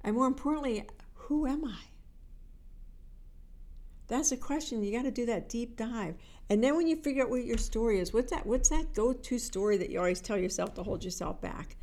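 A middle-aged woman, a life coach, giving an energetic motivational talk and acting out the voices in her stories. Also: on the high side, normal speed. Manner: energetic, animated storytelling with quoted inner voices.

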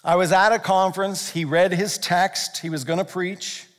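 A man with a high-pitched voice preaches a sermon, earnest and emphatic, dropping into soft, slow prayer between his loud points. His voice rings out with a long reverb, as in a large hall. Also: fairly even intonation. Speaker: pastor.

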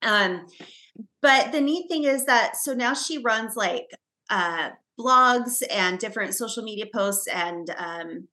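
Woman podcast co-host, bright tone, rambling casual storyteller. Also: fairly high pitch, lively intonation, slow pace. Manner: chatty storyteller, frequent fillers and restarts. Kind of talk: casual chat.

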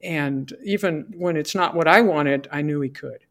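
A woman's voice: sits low, moderate pace. A middle-aged woman, a podcast guest, giving an earnest faith testimony and acting out her prayers as she tells it. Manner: earnest storyteller who acts out her prayers and dialogue.

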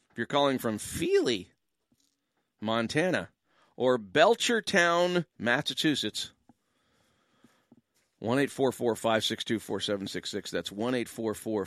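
A man's voice: medium pitch, pushed and bright, dry recording, clean studio sound. A Canadian man hosting a call-in talk radio show as a pastor, chatting in a joking, rambling way with lots of asides.

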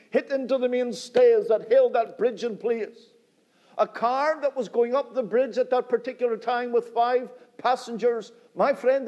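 A man's voice: very high voice, dark tone, lo-fi sound. A middle-aged man from Northern Ireland, with a Northern Irish accent, preaching an evening church sermon in a rising and falling cadence and often saying "my friend". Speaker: visiting preacher.

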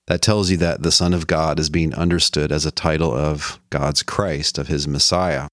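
A man with a low, deep voice lectures in an easy, conversational way. He walks the listener through a text and lifts his voice for quoted lines. The sound is close and dry, with no room around it. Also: fairly even intonation, moderate pace, fairly bright tone, no room sound. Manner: conversational teaching, quoting scripture with a lifted voice. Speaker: lecturer on the Bible. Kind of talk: explanatory lecture.

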